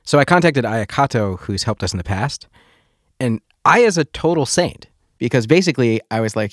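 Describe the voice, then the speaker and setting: A man's voice: mid-range voice, expressive, normal speed, no echo, clean studio sound. A man hosting a podcast, telling a story in a wry, self-deprecating way. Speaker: podcast host. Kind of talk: casual storytelling.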